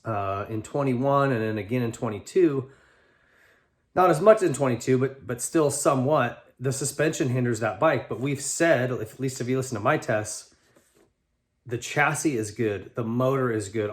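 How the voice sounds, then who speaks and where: A man's voice: medium pitch, normal speed. A man hosting a talk show, answering listener letters in a loose, rambling conversational way with lots of restarts. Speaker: podcast host and bike tester. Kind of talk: casual chat answering listener mail.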